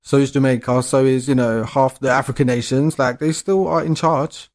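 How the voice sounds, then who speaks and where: A man's voice: medium pitch, fairly even intonation, moderate pace. Ranting young man, blunt. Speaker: podcast co-host. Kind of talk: casual chat.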